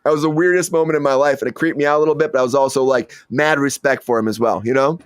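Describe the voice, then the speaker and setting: A man's voice: medium pitch, fairly even intonation, rapid-fire, clear, resonant tone, no room sound, clean studio sound. A man hosting a casual entertainment news chat, rambling and stammering with frequent restarts. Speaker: show host.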